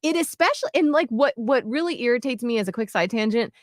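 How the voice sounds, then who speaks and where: A woman in her thirties co-hosting a radio show, telling stories in long, animated, self-deprecating stretches. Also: a little high, fast, no room sound, studio quality. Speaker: radio co-host. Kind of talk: candid casual chat.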